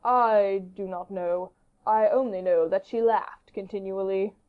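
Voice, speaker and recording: A woman voicing a flattering male courtier in an audiobook, speaking slowly and deferentially. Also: mid-range voice, natural voice. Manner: slow, measured, deferential. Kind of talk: audiobook character reading. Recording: dull lo-fi audiobook recording.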